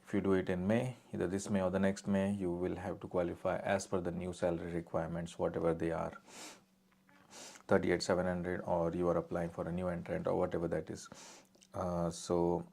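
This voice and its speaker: A man's voice: low-pitched, monotone, brisk, creaky, darkish tone. A man answering viewer questions on a live stream as an immigration adviser, reading each one out and then answering plainly and directly.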